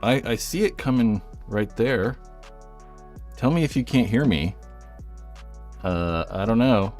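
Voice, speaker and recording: A man's voice: medium pitch, animated, slow pace, darkish tone, faint music behind. A man hosting a casual live stream, rambling and joking as he reads out viewers' messages, a little out of breath. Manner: rambling, jokey, reads chat aloud.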